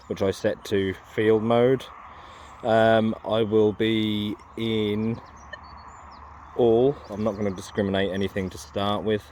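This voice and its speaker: A man's voice: on the low side, a little mellow, slight background noise. A man talking casually as he sets up and uses a metal detector outdoors, rambling with many ums and restarts. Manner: rambling, hesitant, many ums and self-corrections. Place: open farm field outdoors.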